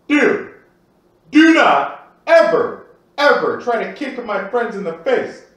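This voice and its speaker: A young man telling a comic personal story in a lively way, acting out the other people's voices, recorded in an echoey room away from the mic. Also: a little high, recorded from a distance. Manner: animated, acts out voices.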